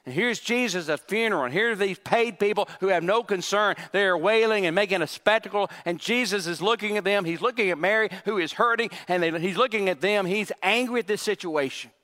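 Male pastor, sermon delivery, emphatic with asides; bright voice, reverberant hall. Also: sits high, a little fast, hardly any pauses. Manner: emphatic preaching with repetitions and asides.

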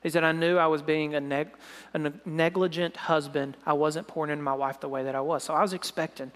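A man preaching, retelling a dramatic story in sermon style and dropping to a soft, low voice at the emotional moments. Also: flat delivery, brisk. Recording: long hall reverb.

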